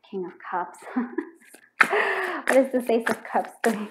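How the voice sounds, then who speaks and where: Speaking a little fast in a medium-pitched voice over very noisy audio, a woman works through a pick-a-card tarot reading. Her talk is loose and full of fillers and restarts. She murmurs questions to herself while drawing and bursts out with excitement when a card backs up her read.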